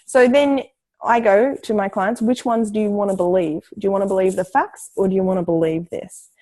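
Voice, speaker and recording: A woman with a mellow, warm tone speaks as an interview guest. She explains her coaching advice directly and confidently, walking through each point plainly. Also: medium pitch, fairly even intonation, brisk, rough recording. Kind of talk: casual conversational interview.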